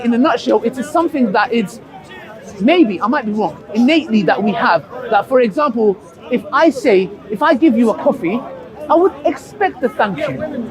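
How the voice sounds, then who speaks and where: A man's voice: very high voice, lively intonation, moderate pace, low-quality recording. A man in a heated street debate, talking passionately and circling back to his point with many restarts. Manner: passionate, repetitive, restarts often. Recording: crowd noise outdoors.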